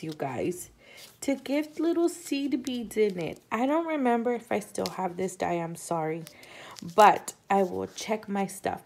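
A woman hosting a casual unboxing chat from her home craft room. She gushes excitedly, often gasps, and keeps calling viewers "you guys.". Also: medium pitch, vocal fry, slight background noise. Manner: gushing and excitable, often gasping. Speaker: crafting channel host.

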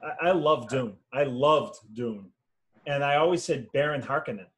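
A man, a fantasy author, telling lively anecdotes in a casual conversation over a video call, acting out the voices of people he quotes. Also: medium pitch, unhurried. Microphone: video call mic.

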